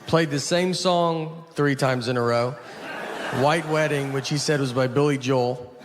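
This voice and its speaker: A man with a Southern US accent telling stand-up stories in a dry, deadpan way. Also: medium pitch, unhurried, crowd noise, background noise. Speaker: stand-up comedian. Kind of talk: stand-up set and talk show chat.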